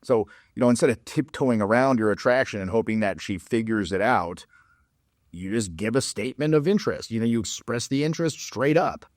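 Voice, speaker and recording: A man's voice: mid-range voice, animated, fairly quick, no echo, studio quality. A man coaching on dating in a blunt, profane, casual monologue, telling stories with laughs and mocking others in put-on voices.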